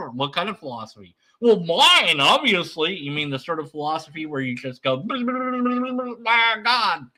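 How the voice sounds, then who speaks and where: Man, sarcastic reaction commentary, rambling asides, bright piercing tone. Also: a little high. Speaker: commentary video creator.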